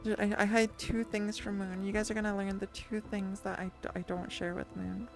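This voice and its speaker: A woman's voice: mid-range voice, flat delivery, a little fast, over music. A woman streamer chatting casually and rambling with her viewers, full of restarts and little laughs. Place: lying down at home.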